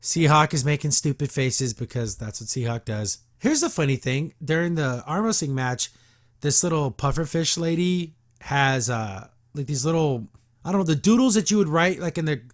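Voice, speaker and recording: A man's voice: fairly high pitch, animated, moderate pace. A man hosting a podcast, giving casual commentary on a cartoon episode in a sarcastic, mocking and exasperated way.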